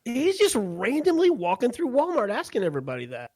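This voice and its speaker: A man co-hosting a podcast, telling a crude story in a casual, animated way and laughing often. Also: very high-pitched, brisk, no echo. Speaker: podcast co-host.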